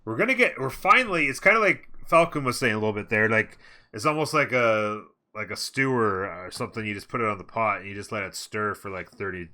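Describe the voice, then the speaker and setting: A man's voice: fairly low pitch, sharp tone. A man casting a live strategy game match, talking casually and rambling with fillers as he thinks aloud. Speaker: esports caster.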